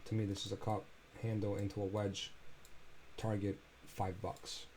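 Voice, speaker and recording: A man's voice: fairly low pitch, monotone, moderate pace, warm tone, slight background noise. Chatty man talking through crypto charts. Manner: loose, chatty, thinks aloud with filler sounds. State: tired, yawning. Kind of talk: casual screen-share chart commentary.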